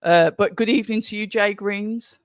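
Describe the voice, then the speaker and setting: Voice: medium pitch, fairly even intonation, normal speed, no room sound, clean studio sound. A host with a Birmingham accent gives casual live commentary on a stream. They ramble chattily and greet viewers by name as they read the chat. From Birmingham, England. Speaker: livestream watch-along host.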